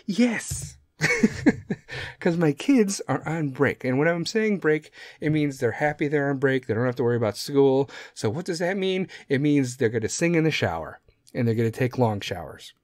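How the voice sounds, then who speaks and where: A man's voice: on the high side, dry recording. Profane rambling man, dry close sound. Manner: profane, rambling, goes off on tangents. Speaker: podcast host. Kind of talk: casual solo podcast rant.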